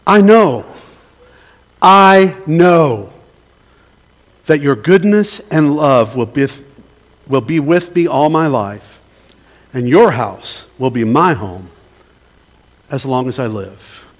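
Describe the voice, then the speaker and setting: A man leads a sermon as pastor, reading scripture and praying aloud. His voice sits at an ordinary middle pitch, gentle and unhurried. He pauses often and invites the listeners to join in. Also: lively intonation. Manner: gentle, pausing, invites the congregation to respond.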